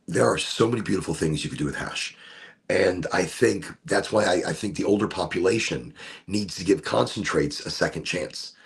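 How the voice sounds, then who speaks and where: A man hosting a casual smoke session, chatting in a rambling, relaxed way and often repeating himself. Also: deep voice, vocal fry, husky. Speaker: host of a cannabis smoke session. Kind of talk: casual chat.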